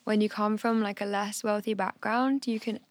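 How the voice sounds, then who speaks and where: A woman from Hampshire with a southern English accent, chatting softly and thoughtfully as a podcast guest. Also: mid-range voice, flat delivery, moderate pace, no echo. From southern England, Hampshire. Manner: soft-spoken, thoughtful, polished speech. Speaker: guest singer. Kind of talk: casual podcast chat.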